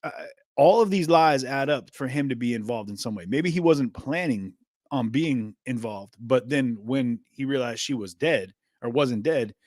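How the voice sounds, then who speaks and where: A man's voice: mid-range voice, expressive, moderate pace, darkish tone, no room sound, studio quality. A man hosting a live stream, musing casually about a trial and answering viewers in the chat, with lots of ums and restarts. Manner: rambling, filler-heavy, reads chat aloud. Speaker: livestream host.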